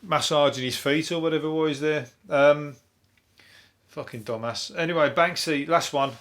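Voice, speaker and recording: Sweary rambling Brummie comic. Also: male voice, fairly high pitch, moderate pace, a bit bright. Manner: sweary, rambling, laughs at own jokes. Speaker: podcast host. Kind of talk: comedic news review.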